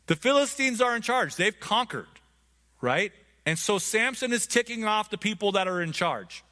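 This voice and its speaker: A man's voice: high-pitched, animated, normal speed, bright, forceful tone. A man teaching a Bible lesson in a casual, conversational way, often checking in with his listeners.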